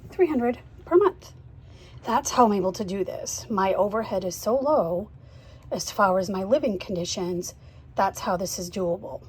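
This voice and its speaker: A woman's voice: medium pitch, moderate pace, a little mellow, husky. A young adult woman talking frankly to the camera in a casual vlog, open and self-deprecating about her daily life and money. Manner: frank, self-deprecating, talks to viewers directly. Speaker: single mom vlogger.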